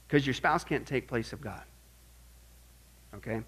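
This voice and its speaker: A man preaching a sermon to his congregation, animated and joking, firing off rhetorical questions. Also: on the high side, fairly quick, breathy edge. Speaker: pastor.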